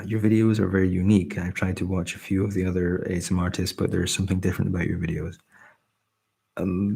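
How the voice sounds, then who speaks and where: A man born in England and raised in Scotland, hosting a late-night ASMR live stream, speaking softly and humbly as he reads out viewer comments. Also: low-pitched, vocal fry, breathy edge. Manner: soft, warm and humble, often trailing off. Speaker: ASMR channel host. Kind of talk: soft-spoken live stream chat, reading comments.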